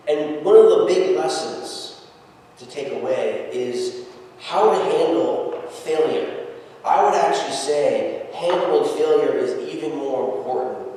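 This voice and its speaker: A man pastor preaching a sermon, telling the scripture story with lively acted-out quotes. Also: mid-range voice, a little hiss or hum. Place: church sanctuary. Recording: echoey church hall from far off.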